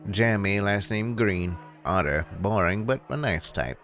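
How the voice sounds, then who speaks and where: Man reading a coy male raccoon sleuth for a game; low, unhurried, dry. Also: expressive, a bit bright, faint music behind. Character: male raccoon private photographer, cocky and coy. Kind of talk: reading game dialogue aloud.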